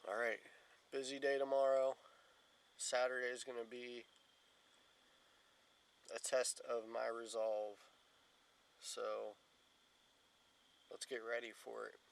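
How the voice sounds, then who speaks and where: A man's voice: medium pitch, little pitch movement, slow, creaky, long pauses, low-quality recording. A tired man talking casually to the camera from his tent at a campsite, rambling and yawning. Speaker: outdoors vlogger. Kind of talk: casual solo camping vlog.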